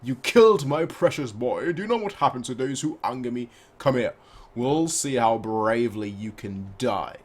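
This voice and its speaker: A man's voice: mid-range voice, a little fast, close to an everyday voice. A man reading out a ruthless, threatening warlord. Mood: menacing. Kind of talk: reading manga dialogue aloud.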